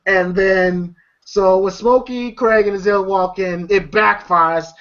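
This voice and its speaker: A man's voice: sits high, fairly even intonation, slow, fairly bright tone. A man casually recapping a movie for his friends in a rambling, profane way. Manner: rambling, profane retelling, laughing through it. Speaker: movie reviewer. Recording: slightly muffled lo-fi audio.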